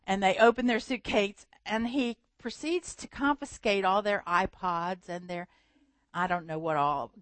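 A woman preaching a sermon in a lively storytelling manner, often laughing. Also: mid-range voice, no room sound.

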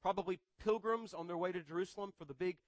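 A man's voice: high-pitched, fast talker, no echo. A man preaching a sermon in a conversational way, often repeating words and adding humorous asides. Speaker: pastor.

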